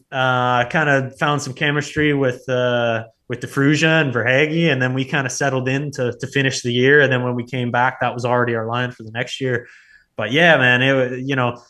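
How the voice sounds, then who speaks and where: A man in his thirties, a former hockey player, telling stories in a relaxed, rambling way, full of filler words. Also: mid-range voice. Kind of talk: casual storytelling.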